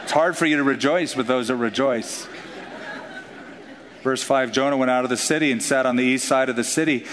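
A man preaching a sermon in an animated, joking way, acting out the voices of the people in his stories. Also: on the high side. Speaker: pastor. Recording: long hall reverb.

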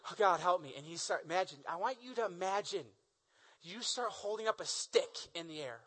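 A man preaching a sermon, retelling the stories in animated, casual language full of slang. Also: high voice, a little fast, low-quality recording. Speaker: pastor.

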